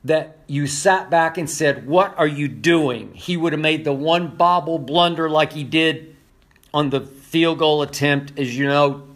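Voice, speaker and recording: An older man giving impassioned sports commentary, emphatic and repetitive, hoarse from losing his voice. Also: a little high, measured pace, a bit bright.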